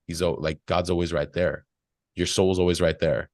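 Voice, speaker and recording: A man's voice: deep voice, little pitch movement, normal speed, darkish tone, no echo. A man talking casually and reflectively as a podcast guest, telling stories with quoted voices. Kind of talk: casual spiritual talk.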